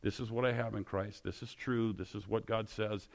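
A man's voice: lowish voice, steady tone, moderate pace, vocal fry. A male pastor preaching a sermon, pressing his listeners with repeated, emphatic questions.

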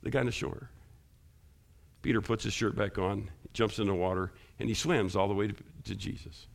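A man preaching a sermon in a low, gravelly voice. He asks the congregation questions as he goes. His voice climbs high and loud when he drives a point home. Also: moderate pace. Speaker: pastor.

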